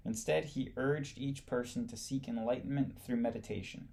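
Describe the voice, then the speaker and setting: A man who serves as an instructor, reading a history textbook aloud in a halting way, stumbling over words and rereading them. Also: mid-range voice, creaky, a little mellow.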